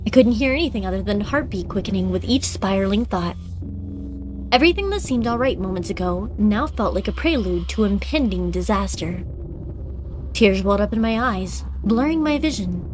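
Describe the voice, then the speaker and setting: A woman streamer reading a visual novel aloud with expressive, dramatic delivery and casual asides. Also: medium pitch, moderate pace, slight background noise. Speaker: game streamer. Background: game background music.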